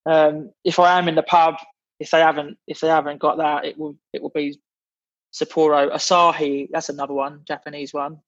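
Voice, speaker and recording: A man's voice: on the high side, flat delivery, moderate pace, highs cut off. A man from England, a podcast guest in casual chat, blunt and swearing, with many restarts as he grumbles.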